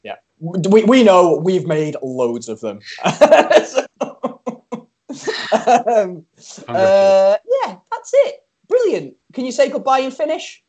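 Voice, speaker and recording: A man's voice: sits high, huge pitch swings, slow pace, a little mellow. A man co-hosting a casual chat podcast, jokey and self-mocking. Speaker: podcast co-host.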